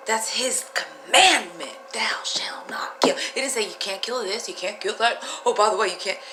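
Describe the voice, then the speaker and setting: A woman telling a rambling personal story in a casual vlog, animated and profane, laughing often. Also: medium pitch, normal speed, heavy background noise. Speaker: vlogger. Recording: roomy echo.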